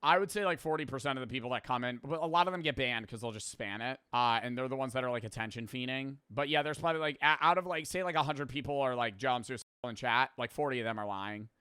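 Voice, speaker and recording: Young male streamer, blunt and profane, smooth clear tone, dry close mic. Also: medium pitch, quick pace, hardly any pauses, bright, forceful tone, no echo. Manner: blunt, swearing, filler-heavy. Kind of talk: casual storytelling and reflection.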